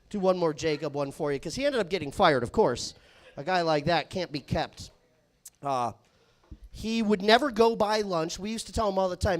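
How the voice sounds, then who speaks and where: On a live comedy stage, a man with a high-pitched, animated voice speaks at a moderate pace. His stand-up consists of rambling, self-deprecating tales laced with profanity.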